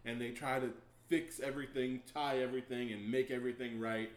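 A man co-hosting a casual podcast chat, laid-back and teasing, with quick one-line jokes. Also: medium pitch, level tone. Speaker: podcast co-host. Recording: echoey room.

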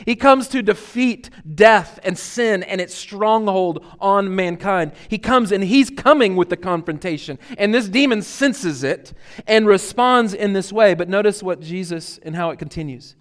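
A man preaching a sermon as pastor, earnest and emphatic, building to loud peaks and then dropping to quiet reflection. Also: sits high, unhurried.

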